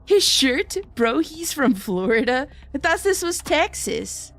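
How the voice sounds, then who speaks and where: A woman with a bright, high voice that leaps up and down as she streams a horror game. She reacts loudly and swears freely, tossing quick thanks to her viewers, while soft music plays behind her. Her pitch swings widely from line to line. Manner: loud animated reactions, frequent swearing; chatty, thanks viewers in passing. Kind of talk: live gameplay commentary.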